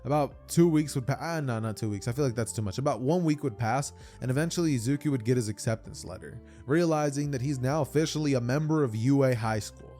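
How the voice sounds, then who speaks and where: A man's voice: mid-range voice, fast talker, hardly any pauses, mellow, faint music behind. Rambling young man telling a story. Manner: rambling, stammering repeats, many fillers. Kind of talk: casual spoken fan-fiction storytelling.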